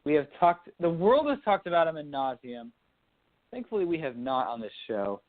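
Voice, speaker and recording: A young man from Dallas, Texas, co-hosts a radio talk show, chatting casually about sports and politics in a fairly high, sing-song voice at a moderate pace. He rambles and often restarts mid-thought, and the audio has phone-line quality.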